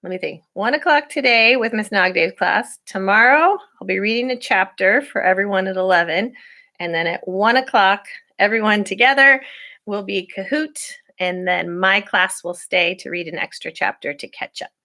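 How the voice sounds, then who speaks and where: A woman's voice: mid-range voice, animated, normal speed, sharp tone. A woman teacher reading a novel aloud to her students at home, telling the story expressively and then chatting through class reminders with fillers.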